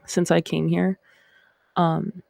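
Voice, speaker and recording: A woman's voice: on the low side, flat delivery, slow pace, creaky, a little mellow, no echo, studio quality. A Canadian woman hosting a live stream, chatting casually with viewers in a rambling, reflective way before reading scripture aloud.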